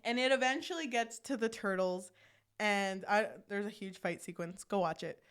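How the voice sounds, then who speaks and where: A woman's voice: mid-range voice, moderate pace, smooth. Young woman eagerly retelling a movie. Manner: animated, acts out character lines while recapping. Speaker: podcast co-host. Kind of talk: casual chat retelling a movie plot.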